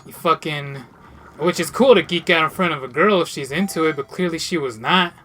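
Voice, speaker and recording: A young man chatting casually over a game, telling an animated, profane story and laughing often. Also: a little high, brisk, slight background noise. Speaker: gameplay commentator. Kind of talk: casual let's-play chat.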